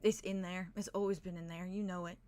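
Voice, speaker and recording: A woman voicing a remorseful nobleman who speaks softly and pleads with an old friend in a tabletop game. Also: fairly low pitch, little pitch movement, brisk, natural voice. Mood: pleading. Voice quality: soft, pleading.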